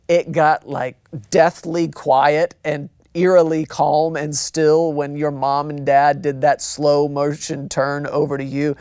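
A man's voice: fairly high pitch, darkish tone, clear, resonant tone, dry recording, clean studio sound. A man preaching a sermon, talking conversationally, repeating phrases for emphasis and acting out quotes. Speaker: pastor.

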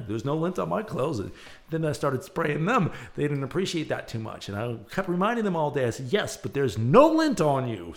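A middle-aged man hosts his own show, and his voice carries a gravelly, rough edge. He talks loud and lively, swinging his pitch up and down as he laughs along with his own jokes. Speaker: podcast host. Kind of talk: casual monologue with dad jokes.

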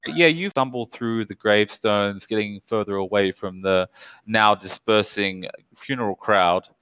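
Male game master, low and smooth, dry close sound, measured narration. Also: a bit bright, no room sound, low-quality recording. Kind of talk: narrating a tabletop horror game.

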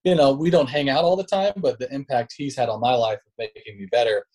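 A man's voice: medium pitch, fast, a little mellow, husky. A man talks easily through stories as a podcast guest, loose and slangy in his phrasing. His voice sits in an ordinary middle register with a casual, conversational flow. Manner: laid-back, slangy, says bro and dude. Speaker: podcast guest, sales leader. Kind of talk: casual storytelling interview talk.

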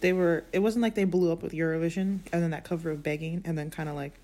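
A woman co-hosting a podcast in easy, casual chat. Her voice sits a bit low. She cracks dry, wry jokes and rambles through her thoughts, strung together with "like". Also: steady tone, fast, warm tone. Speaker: podcast co-host.

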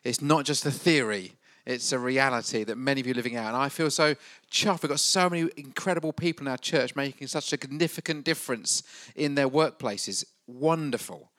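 A man's voice: mid-range voice, fairly quick, few pauses, fairly bright tone, no echo, clean studio sound. A man hosting a church gathering, encouraging the congregation and bantering playfully. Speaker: church event host.

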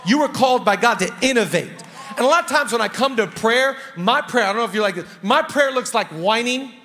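A middle-aged man from the United States preaching a sermon as pastor, energetic, with quick asides to the congregation. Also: very high voice. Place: church auditorium. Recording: long reverb of a large hall.

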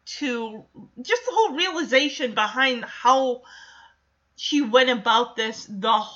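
A woman's voice: a little high, expressive, takes it slowly, sharp tone. A woman casually recapping a sitcom episode, animatedly acting out the characters' lines and laughing as she goes. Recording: dull lo-fi sound.

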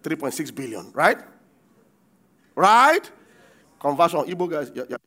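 A man preaching a sermon, reading verses and breaking off to quiz the congregation, acting out the quoted lines with sudden shouts. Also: fairly high pitch, very animated, measured pace. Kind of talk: sermon with call-and-response.

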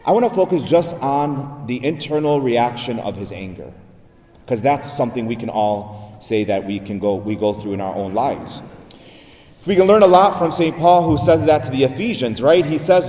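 A man's voice: medium pitch, lively intonation, normal speed, a little mellow. A man, a priest, giving a sermon in a conversational preaching style with frequent rhetorical asides, recorded in a church. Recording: echoey church hall, voice from far off.

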